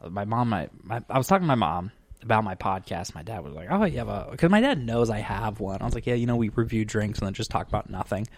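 A young man hosting a podcast in casual chat, rambling through animated stories and swearing freely. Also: lowish voice, fast. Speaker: podcast host.

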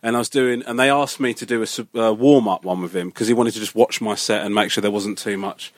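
A man, a comedian chatting casually on a podcast and telling sweary, animated stories. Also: on the low side, fast, dry recording. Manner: animated storytelling, sweary, acts out other people's lines. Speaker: comedian guest.

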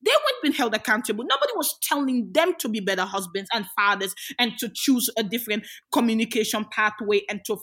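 A woman's voice: a little high, very animated, quick pace, hardly any pauses, fairly bright tone. A young adult woman, an activist, talking passionately and emphatically in an interview, with many rhetorical questions. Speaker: interview guest, women's rights activist. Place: Australia.

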